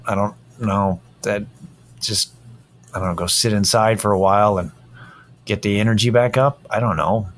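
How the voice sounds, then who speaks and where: A man's voice: on the low side, a bit bright, slight background noise. A man hosting a casual solo podcast, drained and worn out, rambling in a tired, self-deprecating way. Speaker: podcast host.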